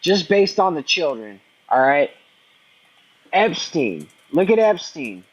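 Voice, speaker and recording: A man's voice: fairly high pitch, sing-song, slow, breathy edge, highs cut off. A man in a casual online panel, arguing politics bluntly, profane and full of restarts. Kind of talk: heated casual political debate.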